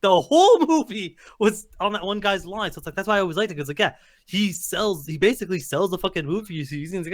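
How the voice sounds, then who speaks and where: A man co-hosting a podcast, talking quickly and laughing through casual banter. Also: high voice, lively intonation. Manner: rapid, laughing, profane. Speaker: podcast co-host.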